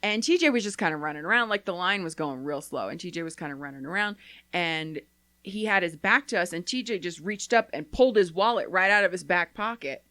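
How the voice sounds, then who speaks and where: A woman's voice: lowish voice, animated, a little fast, sharp tone, no echo. A woman co-hosting a casual chat podcast, telling rambling stories full of "like" and acted-out quotes. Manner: rambling storyteller, acts out quotes, frequent "like". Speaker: podcast co-host.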